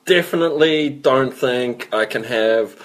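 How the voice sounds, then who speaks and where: A man's voice: medium pitch, a little slow, low-quality recording. A man in a casual movie chat, dry and rambling, repeating his points. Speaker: podcast co-host.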